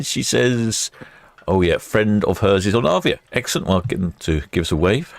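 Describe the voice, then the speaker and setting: An English man hosts a live ship-watching stream from a quayside port camera station, chatting casually and reading viewer comments as ships leave port. His deep, creaky voice swings widely in pitch at a moderate pace, with no room sound.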